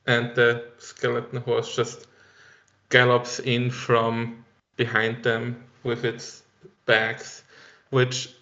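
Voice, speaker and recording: Slow relaxed guy playing a tabletop game, bright sharp voice, dull lo-fi call audio. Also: mid-range voice. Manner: relaxed, describes his character's actions. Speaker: player. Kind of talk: casual tabletop game talk.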